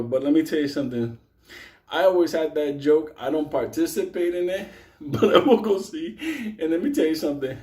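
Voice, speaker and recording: A man with a fairly high voice tells a rowdy story late at night. He curses constantly and keeps breaking into laughter, worked up and sweating. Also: dark tone, roomy sound. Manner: swears constantly, laughs through his own story. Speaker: storyteller, stream host. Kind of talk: profane storytelling to a live audience.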